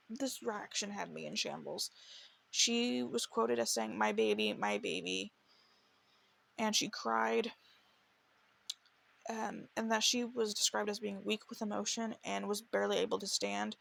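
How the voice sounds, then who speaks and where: A woman's voice: medium pitch, vocal fry, fairly bright tone. A woman hosting a true crime podcast, telling the case in an earnest, emotional way and stumbling into restarts as she reads quotes. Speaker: podcast host.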